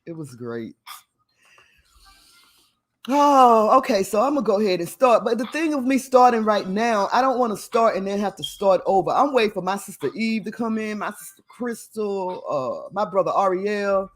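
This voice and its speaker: A woman's voice: medium pitch, lively intonation, normal speed, few pauses. A woman hosting a livestream, talking casually and emphatically to her viewers, often laughing and sounding preachy. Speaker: livestream host.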